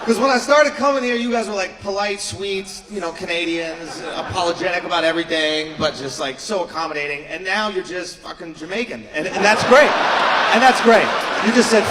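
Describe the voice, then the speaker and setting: High-voiced ranting stand-up comedian. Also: male voice, background noise. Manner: ranting and shouting. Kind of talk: stand-up routine. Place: comedy club stage. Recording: live club with loud crowd laughter.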